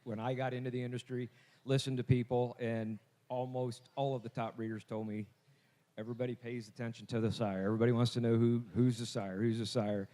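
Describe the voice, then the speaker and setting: A man's voice: mid-range voice, level tone, warm tone. A man announcing lots at a livestock sale, talking casually and often restarting his sentences. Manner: halting, repeats words. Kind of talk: casual explanatory talk.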